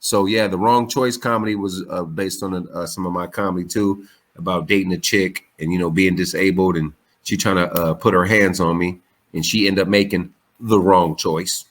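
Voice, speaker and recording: A man in his forties, a comedian, tells stories over a remote call in a casual, swearing way. His pitch jumps sharply when he acts out what he said, then drops back to a relaxed middle register. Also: normal speed. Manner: animated, profane, jumps high for quoted lines. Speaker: comedian guest. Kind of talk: casual storytelling interview.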